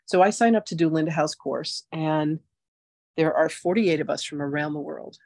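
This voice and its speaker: A woman in her sixties hosting a spiritual masterclass, telling her story in a chatty, animated way full of "like" and "you know". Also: low voice, moderate pace, no echo, studio quality. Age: 60s. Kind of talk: casual personal storytelling.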